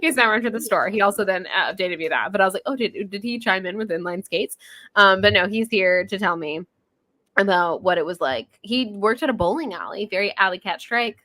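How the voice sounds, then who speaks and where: A woman in her thirties co-hosting a podcast, chatting casually and acting out quotes with laughs. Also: on the low side. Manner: animated, laughing, acts out quotes. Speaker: podcast co-host. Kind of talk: casual chat.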